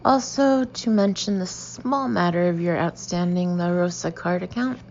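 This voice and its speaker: A woman voicing a posh, smooth-talking male store manager, measured and coolly formal. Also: fairly low pitch, darkish tone, highs cut off, a little hiss or hum, natural voice.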